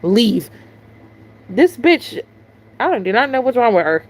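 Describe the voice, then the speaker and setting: A woman's voice: a little high, sing-song, normal speed. A young woman vlogger, telling a storytime in casual, profane, exasperated chat.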